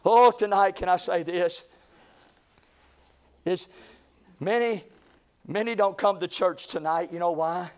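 A man preaching with a fairly high voice. His sermon is folksy and conversational, full of asides to the congregation, then builds into rhythmic, emphatic runs. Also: takes it slowly, long pauses. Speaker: pastor.

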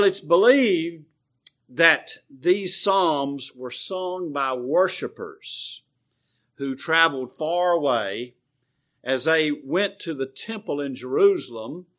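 Man, preacher, sermon, bright voice, slow deliberate delivery, somewhat high pitch. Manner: measured, explanatory preaching with frequent uh fillers.

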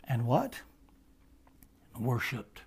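A man preaching a sermon, dropping to hushed, slow phrases and then rising to loud, ringing emphasis. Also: medium pitch, big pitch swings, husky.

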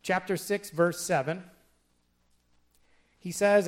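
A man's voice: a little high, animated, unhurried, pauses often. A man preaching a sermon in a conversational way, dropping wry joking asides and reading scripture aloud with emphasis. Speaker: pastor.

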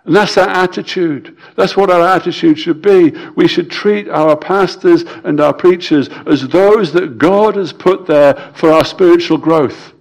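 Emphatic preacher man, fairly high voice. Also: a little slow, hardly any pauses. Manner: emphatic, repeats key phrases, swings between loud and quiet; stammers and restarts. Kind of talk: sermon.

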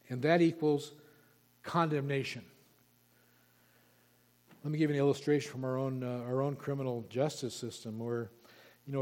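A man's voice: medium pitch, darkish tone. Man preaching in a reverberant hall. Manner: emphatic, repeats key words for stress. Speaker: pastor. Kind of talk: expository sermon. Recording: long reverb of a large hall.

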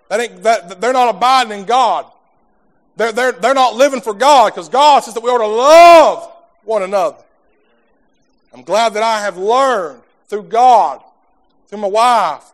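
A man preaching a sermon in a folksy, fervent way, stumbling over repeated words as he talks to his congregation. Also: high voice. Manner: fervent preaching, swells from soft talk to shouting.

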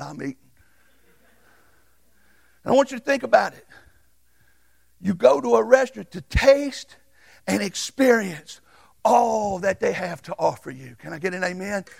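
A man preaching a folksy, storytelling sermon as pastor in a church, swinging between loud and hushed. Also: high-pitched, vocal fry, no echo. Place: church sanctuary.

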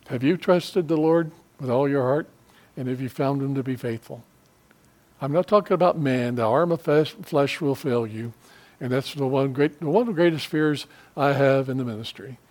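Earnest preaching man, slightly high voice. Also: darkish tone. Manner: earnest, conversational preaching with restarts and prayerful asides. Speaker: pastor. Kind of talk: sermon.

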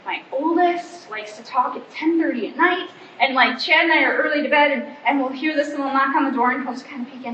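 High-voiced woman in her forties, chatty. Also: a little fast, few pauses, fairly bright tone, a little hiss or hum. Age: 40s. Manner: chatty, self-deprecating, acts out family dialogue. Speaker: pastor's wife speaking to a church group. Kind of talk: informal church talk. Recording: roomy, slightly muffled hall recording.

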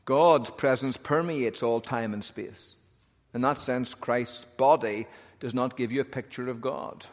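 A man preaching a sermon in an animated way, with humorous asides. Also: mid-range voice, measured pace. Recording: long hall reverb.

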